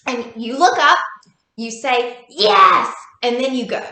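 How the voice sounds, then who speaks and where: A woman's voice: a little high, animated, slow, pushed and bright, echoey room. A woman co-hosting a podcast, recounting a story in casual chat. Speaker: podcast co-host.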